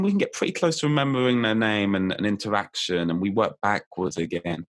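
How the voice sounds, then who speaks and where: Male guest, memory coach, slightly low voice, upbeat and playful, laughs through his explanations. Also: fast talker, hardly any pauses. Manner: lively and playful, laughs often while explaining. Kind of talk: explaining memory techniques in casual chat.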